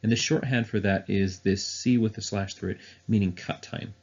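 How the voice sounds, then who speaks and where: A man's voice: fairly low pitch, steady tone, moderate pace, darkish tone, muffled recording, slight background noise. A man teaching music theory in a recorded online lesson, explaining step by step with frequent "uh" and "um" fillers.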